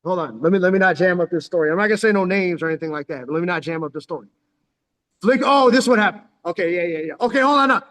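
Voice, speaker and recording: A man in his forties from San Diego rattles off a story at a fast clip in loose, profane slang, calling the listener "dog" again and again. His voice sits fairly high for a man. The recording has a long, echoing reverb. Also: expressive, a bit bright. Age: 40s. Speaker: vlogger. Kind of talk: casual storytelling. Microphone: headphones on.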